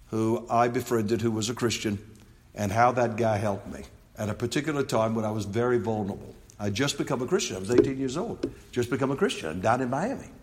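Emphatic preacher in a reverberant hall. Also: male voice, mid-range voice. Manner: emphatic, swings from quiet reflection to loud drawn-out scripture reading. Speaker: pastor. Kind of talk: expository sermon.

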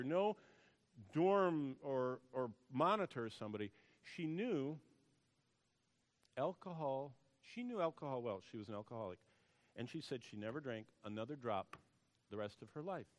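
A man preaching a sermon and telling a story, dropping to a hush and then rising to loud emphasis. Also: medium pitch, very animated, moderate pace. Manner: storytelling, swings between hushed and loud emphasis. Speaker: pastor. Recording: long hall reverb.

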